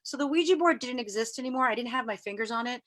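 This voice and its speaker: Woman, from New York City, interview guest, bright forceful voice, slightly high, lively storyteller acting out quoted voices. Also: fast talker. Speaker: guest sharing spiritual experiences.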